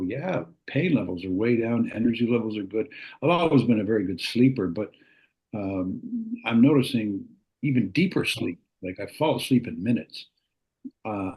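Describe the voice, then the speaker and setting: Rambling man clearing his throat on a call. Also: fairly low pitch, darkish tone, rough recording. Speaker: caller on a video call. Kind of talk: casual testimonial. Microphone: video call.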